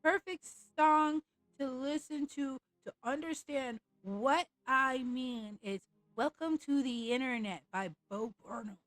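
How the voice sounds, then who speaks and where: A woman's voice: high voice, slow pace, a bit bright, no echo, rough recording. A woman streamer ranting in a casual, blunt and profane way over a live game stream.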